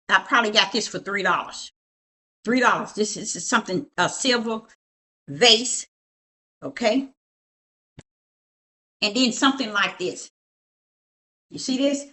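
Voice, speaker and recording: Forceful, emphatic preaching woman. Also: mid-range voice. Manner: emphatic, preachy, keeps asking "you see?". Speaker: prophetess. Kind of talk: casual show-and-tell at home. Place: her home.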